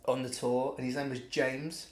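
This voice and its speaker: A man's voice: mid-range voice, level tone, normal speed. A young man co-hosting a podcast, trading crude, laughing banter in casual chat. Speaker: podcast co-host. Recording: echoey room.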